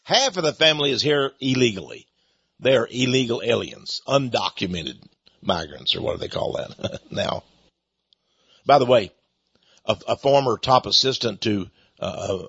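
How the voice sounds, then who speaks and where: A man's voice: mid-range voice, expressive, normal speed, fairly bright tone, breathy edge, dry recording, highs cut off. A man from East Texas, hosting a radio talk show and giving a rambling, sarcastic opinion monologue in a folksy way.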